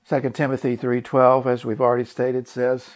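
A man's voice: mid-range voice, completely flat delivery, normal speed. Earnest male preacher asking direct questions. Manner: earnest, emphatic, repeats words and asks the listener direct questions. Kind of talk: sermon with a personal story.

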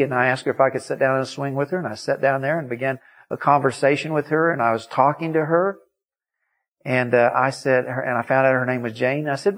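A man's voice: mid-range voice, fairly even intonation, fairly quick. A male preacher giving a sermon in an emphatic storytelling manner, acting out the quotes in his story.

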